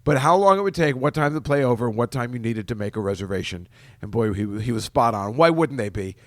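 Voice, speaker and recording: A man's voice: mid-range voice, animated, fast talker, dry recording. Podcast guy rambling along, stopping and starting, chuckling, dry close sound. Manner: rambling, self-interrupting, chuckling storyteller. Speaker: podcast host. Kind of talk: casual solo podcast chat.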